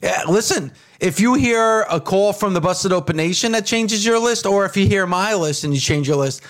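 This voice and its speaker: A man's voice: high-pitched, moderate pace. A man co-hosting a wrestling talk radio show, emphatic and repeating his points for effect. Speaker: radio co-host.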